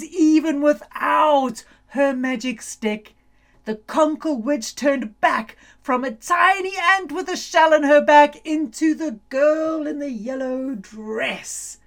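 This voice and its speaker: A woman reading a children's story aloud, animated and playful, building suspense and often breaking into laughter. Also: high voice.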